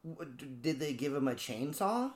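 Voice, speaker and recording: A man's voice: a little high, very animated, normal speed. A man co-hosting a podcast, casually asking questions and joking around with absurd ideas, swearing as he goes. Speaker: podcast co-host new to wrestling. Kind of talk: casual chat.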